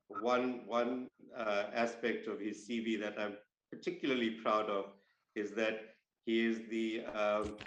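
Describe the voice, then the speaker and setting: A man hosting a panel discussion over a video call, measured in delivery and using fillers when he speaks off-script. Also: on the low side, reverberant, lo-fi sound. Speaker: host. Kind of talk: formal opening remarks and panel introductions.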